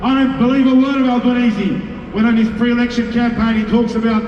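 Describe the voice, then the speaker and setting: A man's voice: extremely high pitch, flat delivery, fairly quick. A man speaking to an outdoor city rally, wry and defiant, with jokes and asides. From Australia. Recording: echoey, far-off, dull outdoor audio with crowd and noise.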